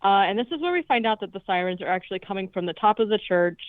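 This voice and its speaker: A woman's voice: medium pitch, expressive, very fast, no room sound. Woman recapping a movie over a tinny line. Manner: swearing, jokey retelling with quoted lines. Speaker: podcast co-host. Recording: dry tinny phone-like line.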